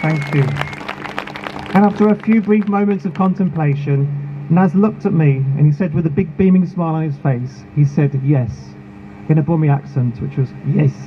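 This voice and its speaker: A man's voice: fairly high pitch, some chatter behind. Earnest man giving a rally speech. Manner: earnest, measured and emotional. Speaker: charity founder speaking at a protest. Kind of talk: prepared speech at an outdoor rally. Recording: phone-like sound with clear street noise.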